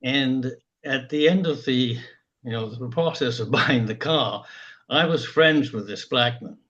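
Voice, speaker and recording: An older man from England, speaking slowly and haltingly in a reflective group discussion, with many pauses. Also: mid-range voice, fairly bright tone, lo-fi sound. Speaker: group member.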